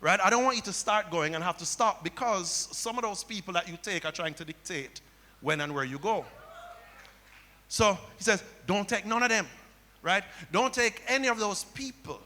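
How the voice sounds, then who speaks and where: There's a long hall reverb on this recording of a pastor preaching in a church sanctuary. His high-pitched voice is pushed and bright and moves at a normal speed as he tells stories and repeats key phrases to the congregation.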